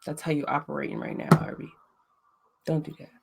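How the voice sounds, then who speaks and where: Blunt gravelly woman chatting. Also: low-pitched, flat delivery, fairly quick, very noisy. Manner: blunt, profane, roasting a chat troll. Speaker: livestream host. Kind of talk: casual livestream chat.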